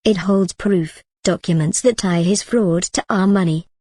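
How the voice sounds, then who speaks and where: A woman voicing a middle-aged betrayed wife who speaks steadily and softly. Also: fairly low pitch, measured pace, no room sound. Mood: steady. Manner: steady and soft.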